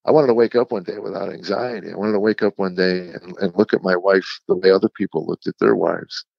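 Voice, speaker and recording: Gravelly-voiced man telling his story. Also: low voice, steady tone, no room sound, lo-fi sound. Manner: earnest, halting retelling with repeated words and acted-out quotes. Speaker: guest, comedian. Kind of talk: candid storytelling in a podcast interview.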